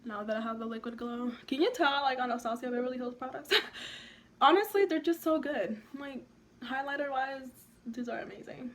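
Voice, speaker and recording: A young woman vlogging at home, chatting excitedly and rambling through a makeup tutorial with lots of likes and ums. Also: sits high, normal speed.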